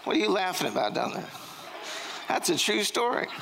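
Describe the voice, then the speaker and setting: A man's voice: high voice, sing-song, brisk, gravelly, very noisy. A middle-aged man, preaching a sermon in a church, telling jokes and stories and quizzing the congregation. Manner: joking, storytelling, quizzing the congregation. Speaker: pastor. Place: church sanctuary.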